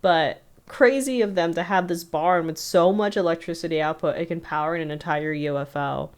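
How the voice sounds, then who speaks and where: Smooth low-voiced woman rambling casually. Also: normal speed. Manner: rambling, filler-heavy retelling with frequent "like". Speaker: podcast co-host. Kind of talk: casual chat recapping a cartoon episode.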